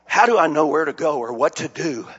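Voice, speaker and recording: High husky older preacher, lo-fi sound. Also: male voice, animated, a little fast. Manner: storytelling preacher building to shouted climaxes. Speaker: pastor. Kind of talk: sermon. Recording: dull lo-fi sound.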